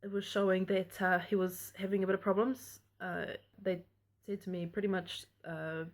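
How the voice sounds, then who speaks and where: A woman's voice: medium pitch, flat delivery, moderate pace. Candid, chatty young woman vlogger. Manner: candid and chatty, frank about intimate details. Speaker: vlogger telling her birth story. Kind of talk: casual personal storytelling to camera.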